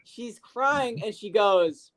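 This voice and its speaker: A podcast co-host in casual chat, telling stories in an animated, profane way full of fillers. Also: medium pitch, slow pace.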